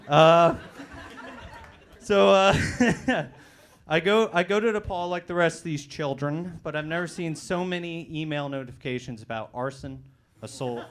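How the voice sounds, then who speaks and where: Young man doing a loud, punchy stand-up set. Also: a little high. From Colorado. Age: 20s. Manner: loud, punchy delivery with bursts of shouting. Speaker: stand-up comedian. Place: comedy club stage.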